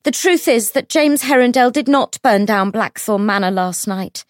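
A woman's voice: a little high, animated, normal speed, no room sound, studio quality, pitched above the performer's own voice, lightly acted. A woman voicing a defiant young woman who speaks up boldly before a crowd. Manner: loud, defiant.

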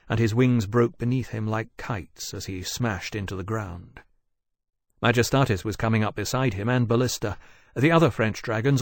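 A man narrating an audiobook in a measured, steady way. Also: lowish voice, no room sound, studio quality.

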